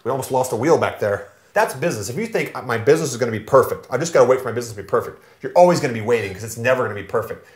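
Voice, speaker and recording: A man, a real estate investor, giving casual, energetic business advice and telling stories. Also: mid-range voice, rapid-fire, roomy sound. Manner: energetic, animated storytelling.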